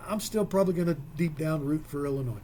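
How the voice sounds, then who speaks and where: A man's voice: on the high side, fast, warm tone, a little hiss or hum. A man co-hosting a local sports radio show, talking casually with folksy, rambling asides.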